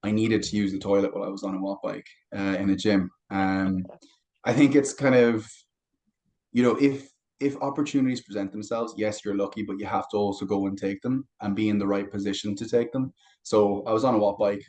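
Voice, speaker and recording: A young adult man, a fitness coach guest on a podcast, talking casually and telling stories in a relaxed way. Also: fairly low pitch, brisk, poor audio. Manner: relaxed storytelling with anecdotes. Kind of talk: casual interview chat.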